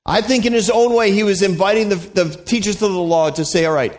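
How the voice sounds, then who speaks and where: A man's voice: high voice, a little fast, hardly any pauses. A man preaching a sermon as a pastor, in a conversational, joking way, acting out the voices he quotes.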